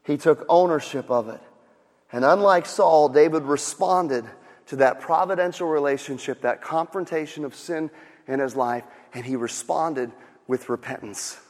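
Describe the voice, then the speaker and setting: A man preaching a sermon, animated, repeating words, going soft for storytelling and rising to shouts. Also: on the high side, moderate pace, in a large hall. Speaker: pastor.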